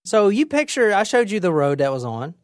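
A young adult woman hosting a casual true crime podcast, telling the story in a lively, chatty way with swearing and acted-out quotes. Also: medium pitch, fairly quick, no room sound, studio quality. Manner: lively, swearing, laughs often, acts out quotes. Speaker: podcast host.

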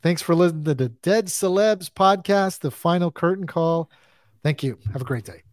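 A man's voice: on the high side, animated, normal speed, no echo, clean studio sound. A man co-hosting a podcast, chatting earnestly and casually, often repeating words as he talks. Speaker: podcast co-host. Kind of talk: casual chat.

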